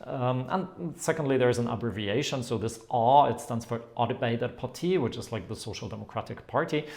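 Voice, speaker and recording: A man teaching in an explanatory video lesson, demonstrating sounds and tones in a lively way. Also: mid-range voice, fairly quick, gravelly. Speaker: language teacher.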